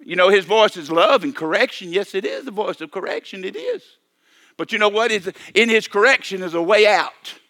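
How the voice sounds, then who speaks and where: A man's voice: high-pitched, sing-song, brisk, sharp tone. An older man preaching a sermon, repeating and restarting his phrases and calling for amens. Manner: repetitive, stammering restarts, calls for amen.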